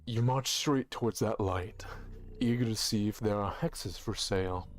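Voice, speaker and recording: An actor voicing the sardonic male narrator of a dark video game, in a dry, measured scripted style. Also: on the low side, lightly acted. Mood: wry.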